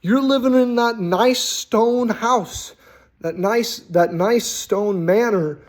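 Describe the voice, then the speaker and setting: A man hosting a casual, rambling talk on tabletop role-playing, animated and full of swearing. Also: high-pitched, takes it slowly. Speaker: host.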